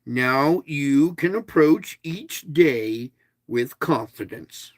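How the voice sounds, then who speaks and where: Man, devotional host, slow and deliberate, raised pitch, emphatic, chatty asides. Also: animated, no room sound. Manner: emphatic, stresses single words; casual, chatty. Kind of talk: reading a devotional aloud with asides.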